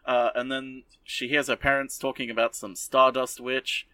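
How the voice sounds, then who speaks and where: A man's voice: medium pitch, little pitch movement, moderate pace, bright, forceful tone, dry recording, far from the mic. A man hosting a podcast, recapping an anime in a rambling, sarcastic casual way. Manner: rambling, sarcastic, lots of fillers. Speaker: podcast host.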